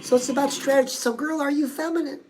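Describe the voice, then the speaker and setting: High-pitched sassy woman coaching "girl". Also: steady tone, quick pace, darkish tone, faint music behind, rough recording. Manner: chatty, sassy, keeps calling the listener "girl". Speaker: self-help show host. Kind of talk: comedic live-show coaching talk. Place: live show.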